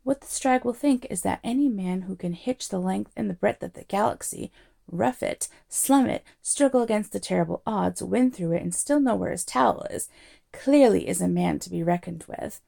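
A woman reading a novel aloud as narrator in a wry, measured storytelling manner. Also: mid-range voice, creaky, dark tone.

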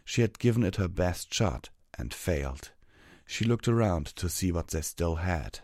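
A man reading a fantasy story aloud as narrator, steady and measured. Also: deep voice, dry recording, studio quality.

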